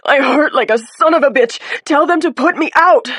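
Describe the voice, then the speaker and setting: A woman's voice: medium pitch, lively intonation, unhurried, husky, no room sound, studio quality. A woman voicing a badly injured young policewoman who screams, cries and curses. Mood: frantic. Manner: screaming, crying, cursing. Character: young woman cop, injured, frantic and defiant.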